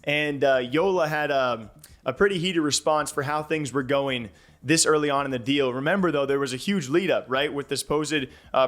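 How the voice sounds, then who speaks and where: Higher-voiced man recapping online drama. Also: a bit bright. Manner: explanatory, frequent "uh" and "um" fillers. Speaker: commentary channel host.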